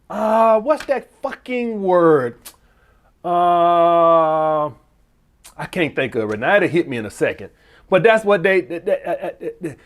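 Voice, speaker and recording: A man giving blunt, profane dating advice in a casual monologue. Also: sits high.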